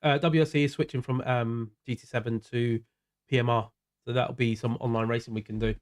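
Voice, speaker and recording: A man's voice: medium pitch, level tone, fairly quick. A man with a South London accent, chatting casually to viewers by name during a live racing game stream. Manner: chatty, greets viewers by name, drifts into mumbled asides. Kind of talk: casual livestream chat while gaming.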